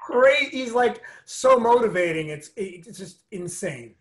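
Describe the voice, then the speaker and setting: An earnest, motivational middle-aged man speaking as an interview guest. His voice sits fairly high for a man, and he moves between emphatic bursts and soft, lowered stretches as he tells his story. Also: animated, a little slow.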